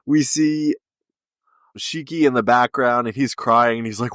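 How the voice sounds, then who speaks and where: A man's voice: medium pitch, measured pace, a bit bright, no echo, studio quality. A man co-hosting a podcast, casually recapping a story scene by scene and quoting the characters' lines. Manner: retells scenes with quoted dialogue. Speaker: podcast co-host.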